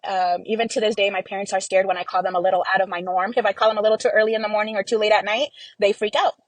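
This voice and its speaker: A woman's voice: medium pitch, fairly even intonation, racing, low-quality recording. A young woman from Texas, a podcast guest, tells a painful family story in a close-mic interview, acting out what people said with many "like"s. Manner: recounts events by acting out quoted dialogue, many fillers. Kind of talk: emotional personal storytelling.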